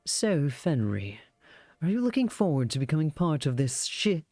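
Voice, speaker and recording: Brief: streamer putting on a suave, sly vampire gent from a romance game, fancy half-British evil-man voice, lively pitch. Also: moderate pace, no echo. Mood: teasing. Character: suave centuries-old male vampire, teasing.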